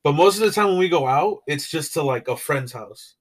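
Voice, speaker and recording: A fairly high-pitched young man with an animated, brisk delivery and a breathy edge co-hosts a podcast. His casual talk wanders, peppered with fillers and swearing.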